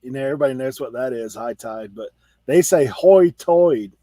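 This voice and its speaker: A man's voice: medium pitch, fast, dark tone, no echo. Male reseller host, drawl, casual banter, fillers galore, dry close mic. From Outer Banks, North Carolina. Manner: chatty, laughs often, says "like" a lot. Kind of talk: casual chat on a video call hangout.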